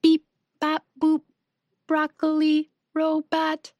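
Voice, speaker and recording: A woman voicing a shy, curious little animal boy in a children's storybook, softly doing a beeping robot voice. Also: sits high, completely flat delivery, slow pace, dry recording, highs cut off, soft background music. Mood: playful robot. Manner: quiet, beeping robot play-voice.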